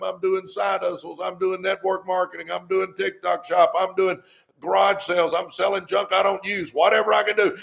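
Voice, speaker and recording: A man's voice: sits high, vocal fry, a bit bright. Fired-up man preaching money advice. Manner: fired-up preaching, repeats "come on". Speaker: host. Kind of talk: live-stream money advice.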